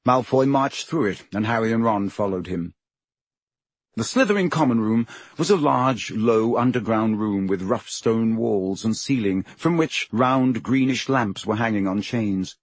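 A man narrating a storybook in a steady, measured reading. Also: lowish voice, husky, no echo. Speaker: audiobook narrator.

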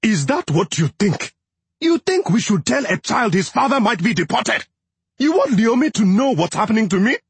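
A man's voice: mid-range voice, lively intonation, measured pace, darkish tone, slightly rough, no echo, voice pushed up. A man voicing a distressed husband, agitated and insistent, firing questions. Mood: angry. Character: distressed Cameroonian husband fearing deportation.

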